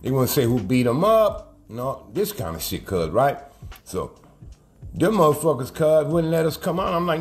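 A man's voice: on the high side, big pitch swings, a little slow. A man, telling a prison story in heavy street slang and getting heated as he talks. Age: 50s. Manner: profane street slang, says cuz constantly; heated, raises voice when agitated. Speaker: interviewee telling prison stories. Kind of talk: casual storytelling rant.

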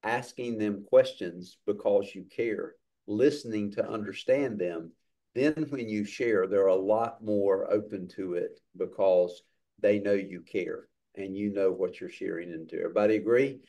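Low-voiced man as church class leader, encouraging and upbeat over a video call. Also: measured pace, dark tone.

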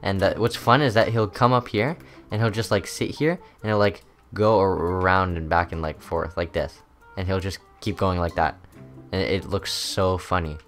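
A man's voice: low-pitched, normal speed, a bit bright, faint music behind. A young man hosting a gaming video, chatting loosely through his gameplay with lots of ums and uhs. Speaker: gaming channel host. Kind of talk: casual gameplay commentary.

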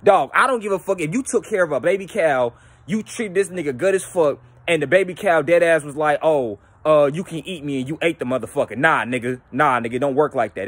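A young man hosting his own channel, talking casually and profanely about spiritual ideas, animated and slipping into mocking voices. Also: on the high side, dry recording. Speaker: YouTube channel host.

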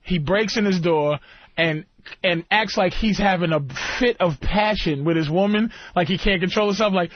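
A man's voice: high-pitched, moderate pace, dry recording. A man guesting on a radio show, ribbing the host with crude, laughing teases. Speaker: comedian guest. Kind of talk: casual radio talk. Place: radio studio. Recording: dull lo-fi radio broadcast.

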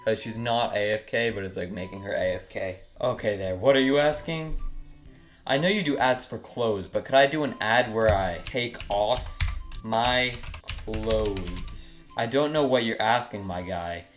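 A young gaming YouTuber trolls other players in an online game, delivering crude, mocking, joking commentary. He speaks unhurriedly in a voice on the low side, with soft music playing in the background.

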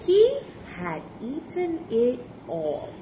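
A woman from Malaysia reading a children's storybook aloud to her child, expressive with laughing asides. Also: high-pitched, drawn-out words, noisy background.

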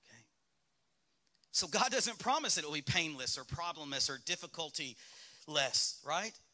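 Bright-voiced Southern pastor preaching. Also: male voice, a little high, sing-song, moderate pace. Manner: candid, conversational preaching with rhetorical questions to the congregation. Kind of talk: sermon. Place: church sanctuary.

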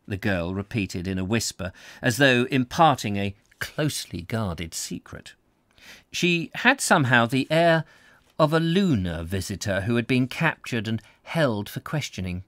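A man narrating a novel in an expressive reading with small slips. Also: lowish voice, normal speed, dry recording, clean studio sound. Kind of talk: audiobook reading.

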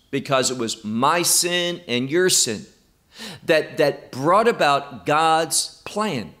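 A man teaching a Bible lesson, stressing key words in a slow, emphatic way. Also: fairly high pitch, lively intonation, bright, forceful tone.

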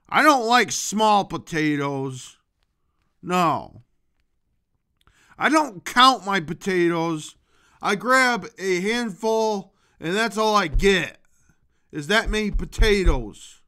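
A man with a high, bright voice hosts his own comedy vlog in a loose, rambling monologue. He takes his time over every phrase, jumping from loud outbursts to quiet asides, and his tone stays sharp and ringing throughout. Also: expressive, slow, pauses often. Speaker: vlogger.

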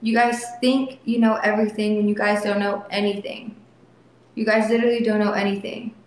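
A woman's voice: mid-range voice, level tone, a little fast. A young woman in back pain talks to her livestream viewers, emotional and defiant, repeating herself. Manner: soft baby talk to her son. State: in back pain while sitting. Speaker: livestream vlogger. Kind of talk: casual livestream talk to viewers. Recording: very echoey phone stream, faint noise.

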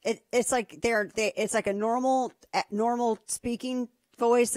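A woman's voice: fairly high pitch, a little slow, few pauses, no room sound, clean studio sound. A woman hosting a political talk radio show, speaking casually with a sarcastic, mocking edge. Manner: sarcastic, mocking, lively asides.

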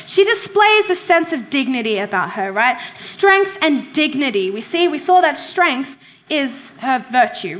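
A woman's voice: sits high, sharp tone. A woman pastor preaching a sermon in a conversational, emphatic way, asking the congregation questions and repeating key phrases.

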